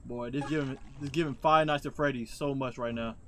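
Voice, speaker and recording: A young man streaming a game from his room on a headset mic, chatting in slangy casual commentary and yelling loudly at the scares. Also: medium pitch, steady tone, a little fast, a little hiss or hum. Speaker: gaming streamer. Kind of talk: casual live gameplay commentary.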